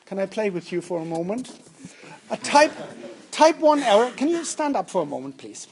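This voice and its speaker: In a lecture room, a male university lecturer covers statistics, joking around and regularly putting questions to the students. His high, sing-song voice is slightly mellow and moves at a normal pace, with a little hiss or hum in the background.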